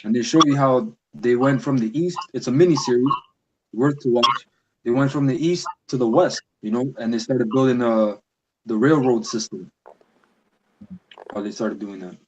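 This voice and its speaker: A man in a casual religious discussion, talking in an animated, heated way and often ending his sentences with "man.". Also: mid-range voice, normal speed, highs cut off. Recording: noisy recording with clicks.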